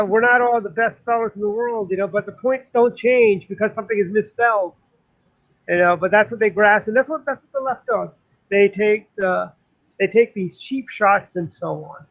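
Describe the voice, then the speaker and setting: A man's voice: high-pitched, fairly bright tone, lo-fi sound. A man co-hosting a political talk show, indignant and rambling with lots of fillers. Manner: indignant, talks in long runs with many fillers. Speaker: co-host. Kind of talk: political commentary chat.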